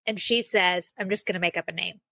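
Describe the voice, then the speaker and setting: A woman's voice: on the low side, fairly even intonation, a little fast, vocal fry, pushed and bright, no echo. A young woman hosting a casual solo podcast, telling a self-mocking story with lots of fillers. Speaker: podcast host.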